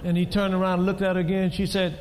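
A pastor preaching a sermon in a church, swinging between quiet storytelling and shouted emphasis. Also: male voice, sits high, completely flat delivery, quick pace, slight background noise. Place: large church hall. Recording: reverberant church hall.

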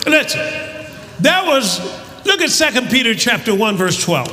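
A male pastor preaching a sermon, shouting and repeating words as he builds up. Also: extremely high pitch, very animated, moderate pace, a crowd in the background. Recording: echoey hall with audience noise.

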